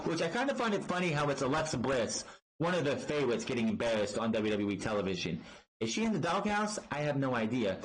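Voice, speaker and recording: A man's voice: mid-range voice, rough recording. Sarcastic man recapping wrestling. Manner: profane, sarcastic, exasperated. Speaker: wrestling show reviewer. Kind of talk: casual recap commentary.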